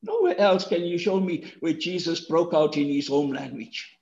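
A man preaching a sermon, rhetorical and emphatic, who builds up to loud shouted points and asks the listeners questions. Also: a little high, normal speed. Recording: echoey, slightly muffled room.

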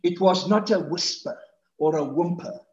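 Preacher guy giving a sermon, kinda high voice, gets loud and emphatic, roomy echo. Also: moderate pace. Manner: rhetorical, rises to emphatic shouts. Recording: echoey, slightly muffled room.

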